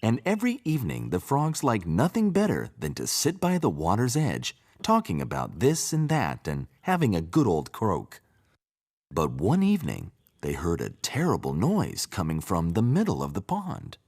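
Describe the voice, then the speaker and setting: A man reading a children's story aloud, his fairly low voice rising and falling with very lively swoops. The reading is expressive and sing-song, made for young listeners. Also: moderate pace. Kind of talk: storybook read-aloud narration.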